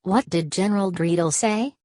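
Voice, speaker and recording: A woman voicing a vain male colonel who presses with excited, insistent questions. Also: lowish voice, moderate pace, no room sound, studio quality, close to an everyday voice. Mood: eager.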